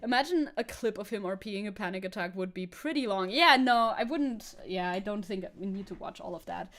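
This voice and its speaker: A woman's voice: mid-range voice, lively intonation, brisk, a bit bright. A woman hosting a live stream, chatting casually with viewers, rambling, repeating herself and laughing often. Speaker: streamer host.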